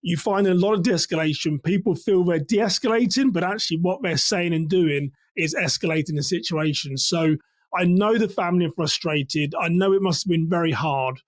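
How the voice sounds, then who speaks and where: High-voiced man from England, instructive. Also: moderate pace, no room sound. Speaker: church security trainer. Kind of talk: commentary on a case.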